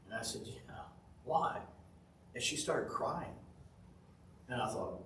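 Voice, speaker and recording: A man's voice: medium pitch, animated, slow, long pauses, fairly bright tone, a little hiss or hum. A man giving a casual devotional sermon, telling folksy family stories with chuckles. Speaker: pastor. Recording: roomy audio from a distant mic.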